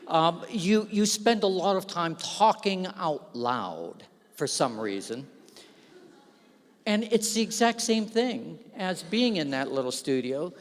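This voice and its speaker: A man giving a self-deprecating, storytelling speech from the stage at an awards gala, speaking into a stage microphone. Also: fairly high pitch. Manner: self-deprecating, animated anecdotes. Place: large hall. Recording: long hall reverb.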